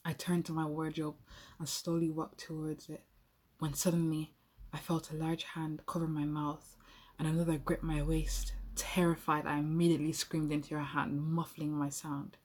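A woman's voice: low voice, level tone, normal speed, a little mellow. A young adult woman telling an intimate first-person role-play story, playful and speaking straight to the listener.

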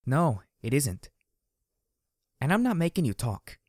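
A man voicing a blunt, impudent female pony who speaks dryly and firmly, with a calm side beneath. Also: mid-range voice, measured pace, no echo, pitched above the performer's own voice. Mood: steady, blunt. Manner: dry, firm, matter-of-fact. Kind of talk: audiobook character voice.

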